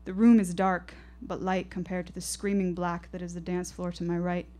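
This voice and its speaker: Woman storyteller, lowish voice, intense and rhythmic, live stage telling. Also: level tone, normal speed, dark tone. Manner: intense, poetic, rhythmic delivery. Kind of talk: live first-person storytelling performance.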